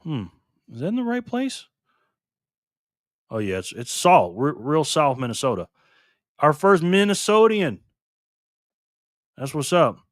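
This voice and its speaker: A man's voice: on the high side, very animated, a little slow, long pauses, dry recording, studio quality. A man from Rochester, New York, hosting a live stream and chatting casually with viewers, greeting them by name as he reads their comments aloud. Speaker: livestream host.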